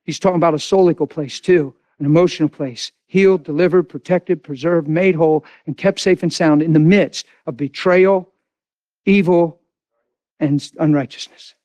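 A man preaching a sermon with great passion, swinging from loud outbursts to hushed, low lines. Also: steady tone, normal speed, no echo.

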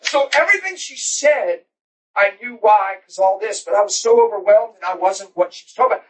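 High-voiced preacher telling his testimony. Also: a little fast. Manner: animated storytelling, laughing, shouting peaks. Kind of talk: testimony sermon. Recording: distant mic with noisy room ambience.

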